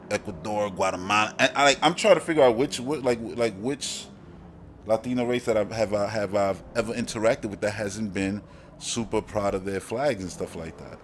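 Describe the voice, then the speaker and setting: There's a slight hiss or hum as a man with a fairly low pitch chats casually on a live stream. A podcast host from Brooklyn, New York, he has a Brooklyn accent and rambles in slang, laughing often.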